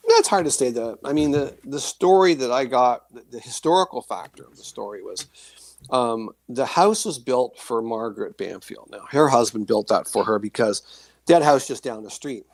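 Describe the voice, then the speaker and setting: A middle-aged man, a guest author on a podcast, speaks at medium pitch and normal speed while casually telling rambling paranormal stories. His storytelling is animated, acting out the reactions of the people involved.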